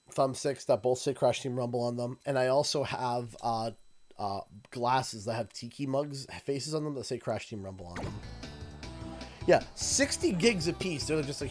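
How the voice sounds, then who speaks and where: A Canadian man streaming live, chatting casually and telling an animated anecdote while acting out what others said. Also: medium pitch. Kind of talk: casual livestream storytelling.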